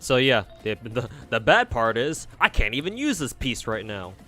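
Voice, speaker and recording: Very animated yet at normal speed, this medium-pitched male voice has a fairly bright tone. He chats casually and swears freely while muttering to himself during a game stream, faint game music behind him.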